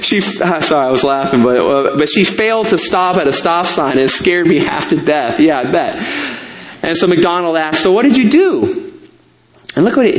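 A middle-aged man, a pastor, preaching a sermon in a conversational way, with asides and self-corrections. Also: fairly high pitch.

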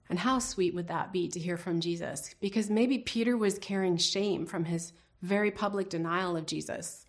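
A woman's voice: lowish voice, normal speed, hardly any pauses. Earnest woman giving a devotional talk. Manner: earnest, reflective, asks listeners questions. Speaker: Bible teacher. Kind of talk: devotional Bible teaching.

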